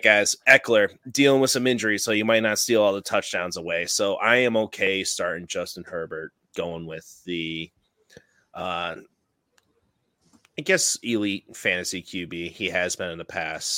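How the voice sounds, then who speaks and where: A low-pitched man with a bright, forward edge to his voice talks through picks in a relaxed, chatty way and laughs easily at himself. He sounds very close to the mic in a dry, dead room. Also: normal speed, no room sound. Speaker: podcast host. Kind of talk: casual fantasy football chat.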